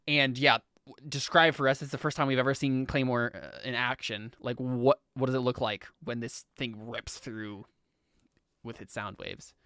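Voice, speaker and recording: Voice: medium pitch, steady tone, moderate pace, a bit bright, clean tone, dry recording, clean studio sound. A game master narrating a tabletop game in a casual, hesitant way, with lots of fillers.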